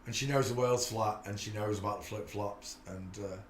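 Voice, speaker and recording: A man's voice: lowish voice, steady tone, moderate pace, echoey room, a little hiss or hum. Rambling man hosting a live stream. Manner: rambling, chatty, many filler sounds. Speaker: livestream host. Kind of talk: casual live stream chat.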